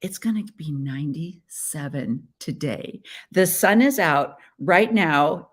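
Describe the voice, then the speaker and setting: Playful middle-aged woman host from the Midwest, chatty on a webcam live stream, voice sits a bit low. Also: unhurried. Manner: chatty and playful, with frequent laughs. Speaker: podcast host. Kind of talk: casual live-stream chat.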